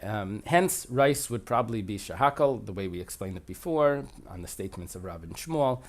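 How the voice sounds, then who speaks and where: A man's voice: on the low side, expressive, normal speed. Male Talmud teacher; explanatory, reads a line then translates it. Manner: reads Aramaic aloud then translates, thinking aloud. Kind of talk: explanatory lesson.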